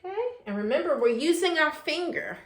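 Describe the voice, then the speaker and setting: Sing-song preschool teacher woman, high and lively. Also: slight background noise. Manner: sing-song, drawn-out sounds, coaxing questions. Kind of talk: virtual preschool class. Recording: echoey room.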